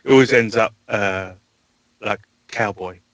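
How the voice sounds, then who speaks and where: An English man chatting as a podcast guest, his voice lower-pitched but bright and forceful. He talks in a measured way, explaining at length. The sound is dry and close. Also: dry recording, rough recording. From South London, England. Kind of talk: casual podcast chat.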